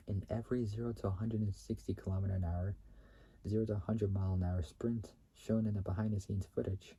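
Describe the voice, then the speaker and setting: A man hosting his own video channel, reading car facts in a halting way, often restarting and repeating phrases and correcting himself. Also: on the low side, warm tone, slightly rough, rough recording. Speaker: YouTube channel host.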